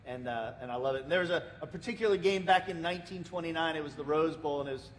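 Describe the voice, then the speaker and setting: An American man preaching a sermon as pastor, telling a story with lots of repeated words and restarts. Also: fast talker. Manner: lively storytelling, acting out the people in it. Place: church sanctuary. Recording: reverberant church hall, faint rumble.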